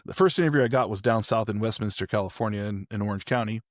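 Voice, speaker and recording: A man's voice: on the low side, fast talker, no echo, studio quality. A man hosting a podcast, telling a personal story in a candid, rambling way with frequent restarts. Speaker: podcast host. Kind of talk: casual storytelling.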